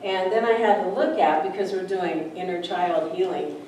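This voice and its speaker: A woman's voice: fairly low pitch, fairly even intonation, moderate pace, dark tone. A woman minister giving a chatty, story-filled sermon, often acting out the voices of people in her stories. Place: church sanctuary. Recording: echoey room, distant mic, faint background noise.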